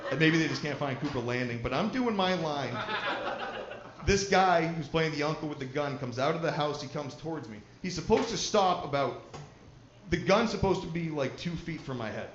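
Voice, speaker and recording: A man doing stand-up comedy, telling a long profane story and chatting with the crowd. His voice sits a little high for a man. The live recording is roomy and dull, with a loud layer of noise behind it. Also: expressive, moderate pace.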